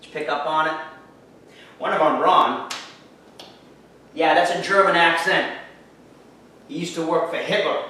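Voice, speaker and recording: Male lecturer, slightly high voice, sarcastic and lively, heard from afar in a very echoey lecture room. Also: fairly quick, slight background noise. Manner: lively, sarcastic, addresses the class. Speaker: teacher. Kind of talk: history lecture. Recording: echoey room, far from mic.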